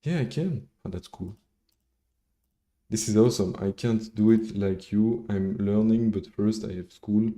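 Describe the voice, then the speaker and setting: Slow chatty guy coding live, french first language, cusses casually, deep-ish mellow tone. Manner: rambling, swears casually, chats with viewers between code steps. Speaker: coding livestreamer. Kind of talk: casual live-coding stream, thinking aloud.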